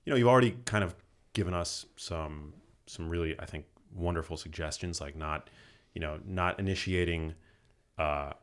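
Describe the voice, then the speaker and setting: Low-voiced man asking meandering questions. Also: moderate pace, a bit bright. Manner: hesitant, many fillers and restarts. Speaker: podcast host. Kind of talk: casual interview questions.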